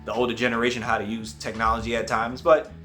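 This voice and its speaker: A man hosts a casual movie review in a voice of ordinary pitch. He tells the plot in a relaxed, conversational way and briefly puts on voices for the characters he quotes. Faint music plays underneath. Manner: acts out quoted characters with quick voice changes.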